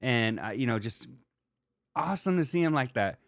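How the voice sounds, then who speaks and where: A man's voice: mid-range voice, expressive, normal speed, no echo, studio quality. A man hosting a solo livestream, chatting loosely and rambling as he reads viewer comments, swearing now and then. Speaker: livestream host.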